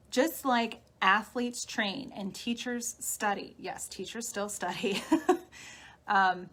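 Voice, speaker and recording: Woman coaching gently on a livestream. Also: mid-range voice. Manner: gentle, guiding, coaching tone with soft laughs. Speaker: spiritual healer. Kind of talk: live-streamed talk on manifesting. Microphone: phone or webcam on a live stream.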